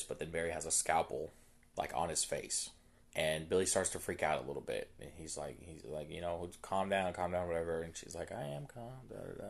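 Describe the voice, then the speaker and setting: Low-voiced man casually recapping a film. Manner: rambling, filler-heavy retelling with quick quoted asides. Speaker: podcast host.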